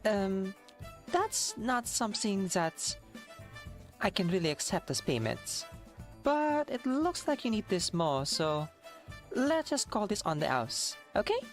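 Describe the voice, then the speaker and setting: A woman voicing a kind, easygoing woman taxi driver in a fan game dub, with a plain, gently wry way of talking. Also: medium pitch, sing-song, slow, faint music behind.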